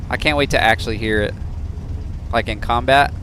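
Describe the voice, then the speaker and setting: A man's voice: medium pitch, fairly quick, a bit bright, slight background noise. Chatty man streaming a game. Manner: chatty, self-deprecating, laughs often. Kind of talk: casual gameplay commentary.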